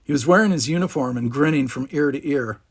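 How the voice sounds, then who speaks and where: A man narrating a storybook aloud, animated, giving each character its own voice. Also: medium pitch, fast talker, slightly rough.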